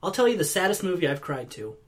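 Animated storytelling man, slightly high voice. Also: fast talker. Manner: animated storytelling, laughs easily. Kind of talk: casual chat.

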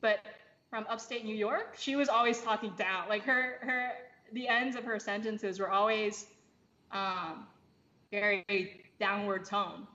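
Woman guest, bright tone, loose conversational explainer full of fillers; dull lo-fi recording, faint noise. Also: on the high side, measured pace. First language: English. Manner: many fillers and restarts, rising into animated bursts. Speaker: podcast guest. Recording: slightly dull lo-fi audio with faint background hiss.

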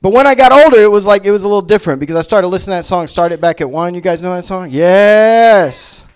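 A man from Memphis does stand-up in a casual, rambling way, full of quick asides and jokes at his own expense. His voice sits slightly high for a man. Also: clear, resonant tone. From Memphis, Tennessee. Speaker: stand-up comic. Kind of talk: stand-up set. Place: comic book shop venue.

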